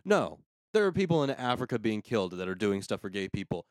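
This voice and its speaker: A man's voice: fairly low pitch, very animated, darkish tone, no echo. Sarcastic ranting man, dry sound. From United States. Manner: sarcastic, ranting, quick asides. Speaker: podcast host. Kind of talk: casual comedic banter.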